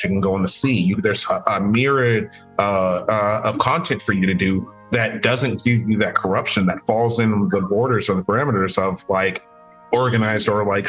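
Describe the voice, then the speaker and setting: A low-voiced young man talks casually as a podcast guest, circling his points with frequent restarts and fillers. Faint music plays quietly under the talk. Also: husky. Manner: rambling, many restarts and fillers.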